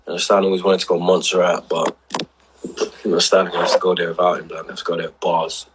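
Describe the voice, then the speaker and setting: A man's voice: deep voice, a bit bright, slight background noise, rough recording. A young man, drunk and talking in a rambling, emotional way on a casual livestream. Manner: rambling, emotional, heavy street slang. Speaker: livestream host.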